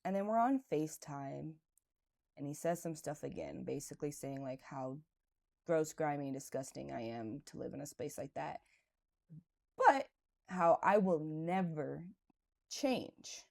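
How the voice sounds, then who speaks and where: Female podcast host, low warm voice, candid confessional storyteller, casual and chatty. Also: expressive, a little slow, gravelly. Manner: casual and conversational, with frequent "like" and "right". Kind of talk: personal reflective monologue.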